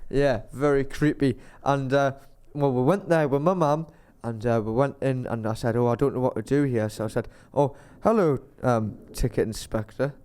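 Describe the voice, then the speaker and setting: Smooth-voiced man telling a rambling story. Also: mid-range voice, moderate pace, hardly any pauses, darkish tone. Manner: rambling storyteller, acts out quotes. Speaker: podcast co-host. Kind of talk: casual chat.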